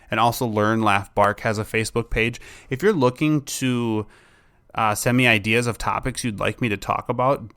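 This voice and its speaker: A man's voice: lowish voice, fairly bright tone, smooth. A man hosting a dog training podcast, talking casually and enthusiastically, rambling with frequent restarts. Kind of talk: casual solo podcast talk.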